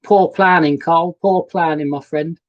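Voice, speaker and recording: A man's voice: on the high side, steady tone, a little slow, dull audio. Man, casual live stream talk, chatty, rambling. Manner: chatty, rambling, greeting viewers by name. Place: sofa inside a narrowboat. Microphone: laptop webcam setup.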